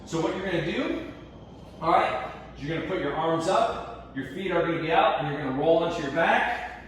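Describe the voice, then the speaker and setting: A man's voice: fairly high pitch, moderate pace, a little hiss or hum. A man teaching as a PE teacher, hyping workout reps with whoops and counting, sweaty and winded during the exercises. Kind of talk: energetic home workout instruction. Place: hot home garage. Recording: echoey garage from far off.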